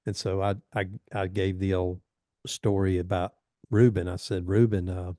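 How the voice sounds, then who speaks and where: A middle-aged man with a low, mellow voice spins rambling stories in an easygoing podcast chat. He chuckles through his anecdotes, and his voice sounds close and dry, with no room around it. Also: flat delivery, moderate pace, no room sound. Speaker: podcast guest, fire service training advisor. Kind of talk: casual storytelling chat.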